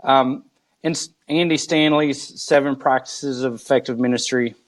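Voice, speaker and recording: Slow-talking pastor telling stories. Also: male voice, medium pitch, steady tone. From United States. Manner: slow, drawn-out storytelling. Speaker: lead pastor, guest. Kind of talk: live video interview.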